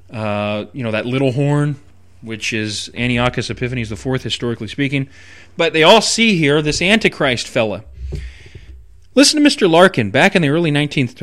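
A man's voice: mid-range voice, a bit bright. A man who is a preaching minister, teaching the Bible on a radio broadcast with emphatic delivery and wry asides.

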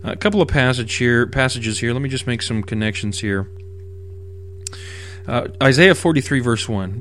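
A man's voice: medium pitch, normal speed, fairly bright tone, a little hiss or hum. A man teaching the Bible verse by verse, reading scripture aloud and then explaining it in a casual, emphatic way.

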